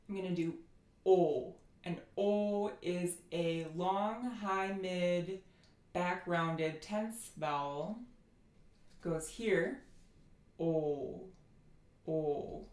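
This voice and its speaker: A woman's voice: fairly low pitch, slow pace, reverberant. An American woman giving a phonetics lecture, listing sound features and demonstrating each one. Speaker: linguistics teacher.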